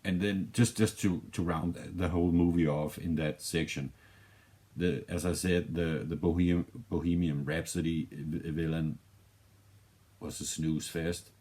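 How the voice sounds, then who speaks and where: A man's voice: low-pitched, steady tone, unhurried, dark tone. A man with a Danish accent giving a rambling, casual film review, often restarting his sentences and swearing offhandedly. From Denmark.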